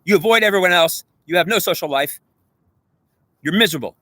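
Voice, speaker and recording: This man's voice sits high, sharp in tone and expressive, and he talks briskly. As a self-styled spiritual speaker, he aims an intense, profane monologue directly at the viewer, preachy, lecturing and repeating himself, in a dry recording.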